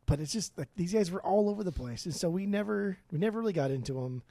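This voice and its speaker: A man's voice: sits high, expressive, fast talker, warm tone, no room sound. A man in his forties from Southern California, co-hosting a podcast with blunt, profane opinions. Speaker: podcast co-host. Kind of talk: casual podcast chat.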